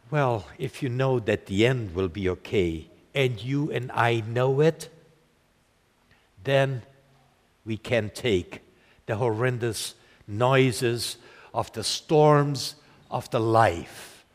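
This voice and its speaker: An older man preaching a sermon, telling a family story slowly and deliberately, building to emphatic points. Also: medium pitch. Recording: long hall reverb.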